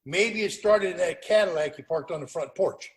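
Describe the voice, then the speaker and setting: A man's voice: high-pitched, normal speed, rough recording. An older man speaking at a recovery meeting over a video call, telling his story in a plainspoken, wry way.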